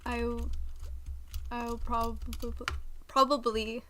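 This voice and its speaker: A woman's voice: fairly high pitch, level tone, slow pace, a little hiss or hum. A young woman streaming a game, chatting casually in a rambling way that often corrects itself. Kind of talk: casual chat while playing.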